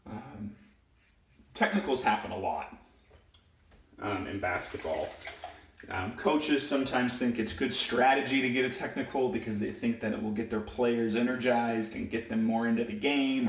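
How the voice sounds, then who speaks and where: A man's voice: medium pitch, normal speed, recorded from a distance. Rambling man telling a referee story. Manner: rambling, self-correcting, with many fillers. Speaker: high school basketball referee. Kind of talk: casual storytelling vlog. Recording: roomy echo, away from the mic.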